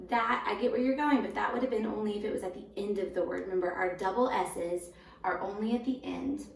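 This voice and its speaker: A woman's voice: mid-range voice, creaky. Woman teacher sounding out syllables. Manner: patient, slow, sounds words out in syllables. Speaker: first grade teacher. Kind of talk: recorded home lesson for young children. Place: home room. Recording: roomy echo, voice a bit far from the mic.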